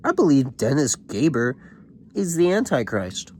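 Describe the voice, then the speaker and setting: A man's voice: mid-range voice, big pitch swings, normal speed, dark tone, slight background noise, voice pushed up, natural voice. A man putting on the voice of a cocky, brainy teenage boy who brags about how much he reads. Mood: boastful. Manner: boastful, mocking.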